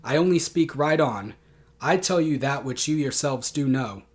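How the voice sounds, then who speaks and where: A man's voice: mid-range voice, lively intonation, natural voice. A man reading Mark Antony, solemn Roman orator. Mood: rousing. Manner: declaiming, measured and solemn. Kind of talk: dramatic Shakespeare recitation.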